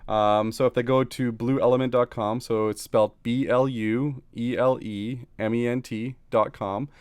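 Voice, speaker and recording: A man co-hosting a podcast in casual chat, easygoing and quick to laugh. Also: mid-range voice, fairly even intonation, a little mellow, clean tone, no echo. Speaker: podcast co-host. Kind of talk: casual chat, reading a sponsor plug.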